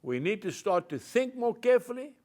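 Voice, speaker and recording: A male preacher with a loud voice giving a devotional sermon and reading scripture, emphatic and folksy, calling his listeners folks. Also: high voice, very animated, a little fast.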